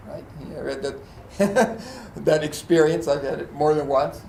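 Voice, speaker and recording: In a church, a male pastor delivers a sermon full of stories, acting out quotes with animation and laughing often, though he gets choked up at times. His voice sits a little high and creaky at a normal speed, with reverberation and slight background noise.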